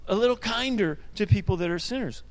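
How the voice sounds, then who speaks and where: A man's voice: high voice, fast. A male pastor preaching a sermon in a conversational way, often repeating words and adding asides. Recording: hall reverb.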